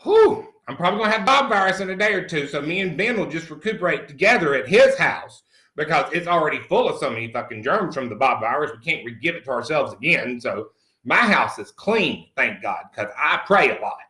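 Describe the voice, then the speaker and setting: Cursing freely and calling everyone honey, a middle-aged comedy character host improvises a monologue as a crude, brash country man. His voice is fairly high, pushed and bright, expressive and brisk, recorded with a roomy echo.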